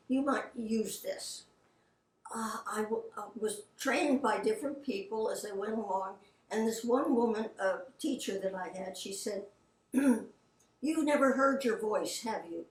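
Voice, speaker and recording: An older woman, a voice actress, telling anecdotes in a chatty, casual way and quoting the people in her stories. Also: mid-range voice. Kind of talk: casual storytelling. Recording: roomy, from a distance.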